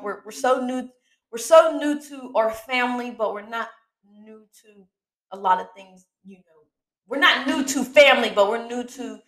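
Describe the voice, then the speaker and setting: A woman hosting her own small ministry podcast, preaching in a casual, slangy chat and often checking in with "okay?". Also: fairly high pitch. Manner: animated, repeats herself, asks "okay?" often; slangy, down-to-earth. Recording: echoey room.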